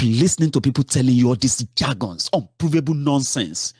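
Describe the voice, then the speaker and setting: A man's voice: medium pitch, expressive, brisk, few pauses, a little mellow, breathy edge, no echo, clean studio sound. A man giving a heated political commentary, scolding his listeners with rhetorical questions and swearing.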